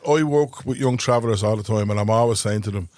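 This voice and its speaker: A man's voice: lowish voice, fast, darkish tone, dry recording, studio quality. A man hosting a podcast in casual chat, telling jokey stories and swearing freely. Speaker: podcast host.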